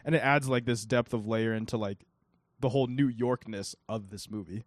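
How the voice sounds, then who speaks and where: A man's voice: lowish voice, steady tone, moderate pace, dry recording, studio quality. Young man rambling through a casual movie review. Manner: rambling, lots of "like" fillers. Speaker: podcast co-host.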